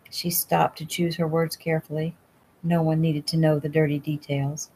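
Low-voiced woman reading her own novel. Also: normal speed, slight background noise, rough recording. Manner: relaxed, unpolished, conversational. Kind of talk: casual audiobook reading. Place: at home.

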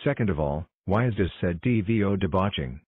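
A man directing a homemade cartoon blooper video, exclamatory and hurried, calling out cuts and takes. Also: low voice, lively intonation, slightly rough, no room sound, narrow, tinny audio. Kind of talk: scripted fan cartoon narration.

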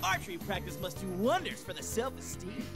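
A man voicing a rowdy, excitable teenage boy in a video game, loud and bouncy. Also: fairly quick, creaky, full character voice. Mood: announcer-hammy. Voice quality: high, bouncy, exclamatory. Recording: game audio under music. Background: game music.

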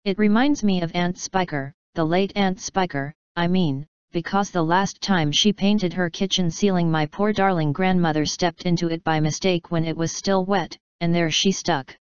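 A woman's voice: lowish voice, moderate pace, hardly any pauses, clear, resonant tone, dry recording, dull audio, natural voice. A woman voicing a fussy, genteel female spider with a prim, plaintive manner.

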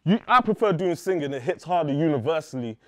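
A British man performing a battle rap at a live event, delivering mocking punchlines in a measured way. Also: on the high side, expressive, no echo. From United Kingdom. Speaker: battle rapper.

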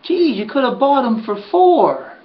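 A man's voice: extremely high pitch, wildly swooping pitch, a little slow, gravelly, far from the mic, highs cut off, pitched above the performer's own voice, exaggerated voice. A man voicing a teasing fellow horseman who likes to throw jabs. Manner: jabbing, mocking. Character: needling male horseman, teasing.

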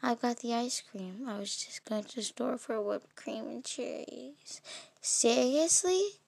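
A woman's voice: a little high, fairly even intonation, a little slow, gravelly, darkish tone, slightly rough, dry recording, exaggerated voice. A woman reading the lines of an adult male neighbor in a game story, with a dry, self-deprecating manner. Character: grumbling adult man, struggling neighbor.

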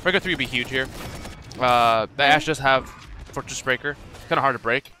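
A man giving live gameplay commentary, coaching his teammates and shouting at big moments. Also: mid-range voice, fairly quick, a little hiss or hum. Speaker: gaming video creator.

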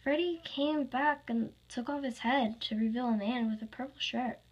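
A woman's voice: fairly high pitch, fairly even intonation, moderate pace, husky, muffled recording. A woman voicing a worried girl trapped inside an animatronic suit, explaining earnestly and pleading.

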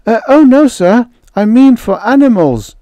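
A timid, very polite young boy, each word carefully shaped. The voice sits high above the reader's own, in a dry, close recording. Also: animated, measured pace, dark tone, no echo. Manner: precise careful enunciation.

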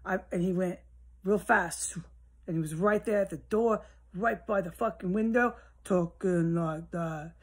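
A woman rambling alone at home in a solo monologue, swearing often and drifting between low mutters and heated outbursts. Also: measured pace, breathy edge. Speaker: vlogger. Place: at home, indoors with a window open.

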